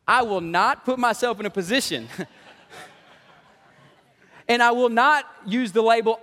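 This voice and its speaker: A male pastor preaching a lively, joking sermon with frequent laughs, recorded in a church. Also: high voice, a little fast. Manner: animated, joking, laughs often. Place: church sanctuary. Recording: long church hall reverb.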